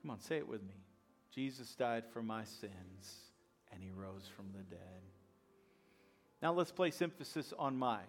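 A man's voice: fairly low pitch, lively intonation, a little slow, breathy edge, soft background music. A male pastor preaching a sermon, repeating key lines and acting out the voices of skeptics. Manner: repetitive call-and-response preaching, acts out skeptics.

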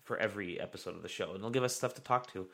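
A man's voice: low-pitched, racing, gravelly, a bit bright. A man hosting a podcast, chatting casually and reading out listener comments with plenty of fillers. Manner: rambling, reads listener comments aloud. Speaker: podcast host.

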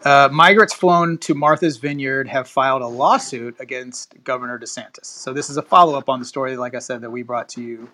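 A man's voice: mid-range voice, brisk, few pauses, bright, forceful tone. A man hosting a podcast, reading a news article aloud in a casual chatty way, stopping to comment and laughing at the wording. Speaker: podcast host.

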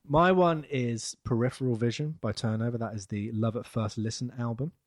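A man talks loosely on a podcast, his sentences wandering and fading out at the ends. His voice sits at an ordinary middle pitch. The sound is dry and close. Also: moderate pace, dry recording. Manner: rambling, chatty, trails off softly. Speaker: podcast co-host. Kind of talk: casual chat.

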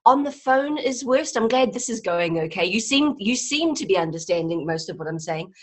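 A middle-aged woman from New Zealand whose accent has softened over years abroad. She talks in a chatty, rambling, self-deprecating way, full of fillers, in a mid-range voice. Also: mid-range voice, expressive, normal speed. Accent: New Zealand, softened by years in England. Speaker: guest comedy writer. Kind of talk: casual podcast interview.

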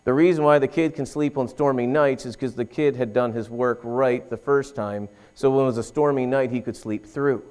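Smooth-voiced male pastor preaching. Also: mid-range voice, steady tone, normal speed, few pauses, a little mellow. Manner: storytelling, rising to emphatic calls to get ready. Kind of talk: sermon.

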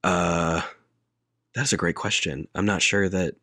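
Man, very deep voice, dry close sound, casual movie recap, deadpan quotes. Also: measured pace, dry recording. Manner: laid-back storyteller, deadpan quoting, laughs often. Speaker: podcast co-host retelling a movie. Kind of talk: casual chat.

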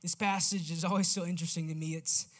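Animated, casual young-sounding male preacher. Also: fairly high pitch, quick pace. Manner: casual, animated storytelling, lots of "like". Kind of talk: sermon.

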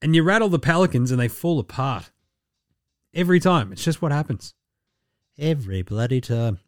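A man's voice: a little high, expressive, moderate pace, no room sound. Sweary man on a dry mic. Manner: loose, sweary and joking. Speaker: podcast host. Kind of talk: casual sports commentary.

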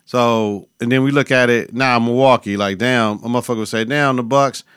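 A man's voice: medium pitch, fairly even intonation, a little fast, fairly bright tone, clean tone, dry recording, studio quality. A man hosting a podcast, talking sports in a loose, profane, slangy, conversational way. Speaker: podcast host. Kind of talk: casual sports talk.

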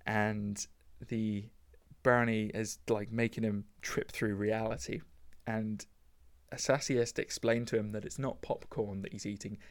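A man hosting a casual solo podcast, rambling enthusiastically with lots of fillers. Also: lowish voice. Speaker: podcast host.

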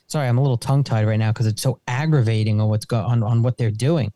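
A middle-aged man and small business owner talking casually on a podcast, halting and repeating himself as he talks. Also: mid-range voice, fairly even intonation, mellow, no room sound. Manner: halting, repeats words and restarts. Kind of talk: casual political chat.

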